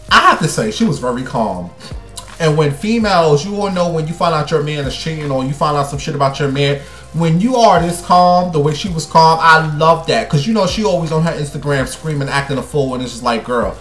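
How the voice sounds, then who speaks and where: A man hosting a casual celebrity gossip show, sassy and blunt, swinging between loud bursts and hushed asides. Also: on the high side. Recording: echoey room with faint music.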